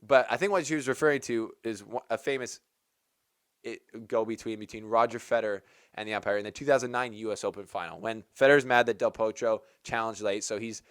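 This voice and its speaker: A man with a lowish, smooth and clear voice talks through his opinions on a match in a casual, rambling way. He leans on "like" and restarts as he thinks aloud. The sound is dry and close, with no room around it. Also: steady tone, fairly quick, fairly bright tone, no room sound. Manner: chatty, rambling, heavy use of "like". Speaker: tennis channel host.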